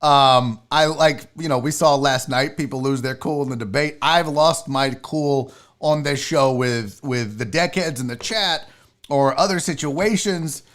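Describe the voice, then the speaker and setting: A man's voice: mid-range voice, measured pace, a bit bright. A man hosting a sports talk show, chatting casually and animatedly, telling self-mocking stories. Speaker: sports radio host. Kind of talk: casual radio chat.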